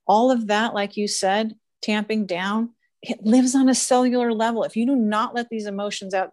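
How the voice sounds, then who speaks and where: A woman's voice: mid-range voice, moderate pace, no echo. A woman talking earnestly and emphatically in a casual conversation, laughing often as she coaches.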